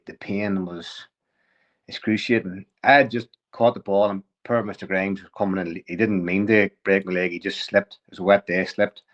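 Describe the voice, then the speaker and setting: A man, a podcast guest telling a lively story, often chuckling and restarting sentences. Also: sits low, muffled recording. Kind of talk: casual storytelling.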